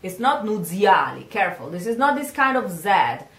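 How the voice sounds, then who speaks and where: A woman from Italy, a singing teacher with an Italian accent, slowly repeats words in a pronunciation lesson for the learner to copy. Her medium-pitched voice is fairly bright and swings widely in pitch.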